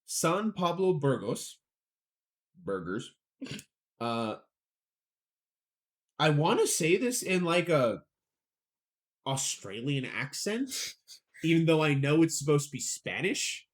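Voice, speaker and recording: Young male podcast co-host, slightly high voice, rambling self-deprecating delivery. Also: very animated, takes it slowly, long pauses. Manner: chatty, rambling, self-deprecating about pronunciation. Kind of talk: casual sports podcast chat.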